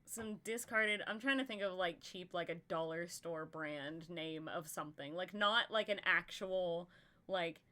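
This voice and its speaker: A woman's voice: fairly low pitch, unhurried, pushed and bright. A woman co-hosting a casual brainstorming chat, rambling with lots of "like" and breaking into giggles. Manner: giggly, rambling, heavy "like" filler. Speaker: podcast co-host.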